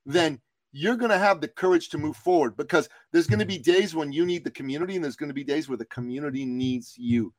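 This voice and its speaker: A man from Iran talks as a business coach on a podcast, pushing his points with emphatic, slogan-like punch. His voice sits somewhat high for a man. The sound is dry and close, with no room echo. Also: quick pace. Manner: emphatic, slogan-driven motivational talk. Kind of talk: motivational podcast interview storytelling.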